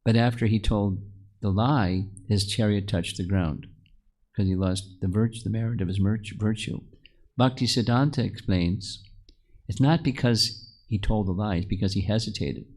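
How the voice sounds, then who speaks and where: Male spiritual teacher, lowish voice, narrates scripture stories to a group and asks them questions. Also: normal speed, darkish tone. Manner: storytelling, asks the audience questions; restarts and repeats words often. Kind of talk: scripture class to a live group.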